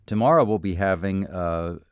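Deep-voiced male radio host. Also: moderate pace, clear, resonant tone, no echo, muffled recording. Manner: relaxed, with frequent fillers. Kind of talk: community radio announcements.

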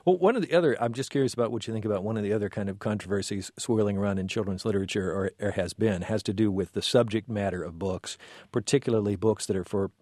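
A man hosting a radio talk show, speaking in a measured way with frequent fillers and self-corrections. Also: lowish voice, darkish tone, dry recording, clean studio sound. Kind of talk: radio interview.

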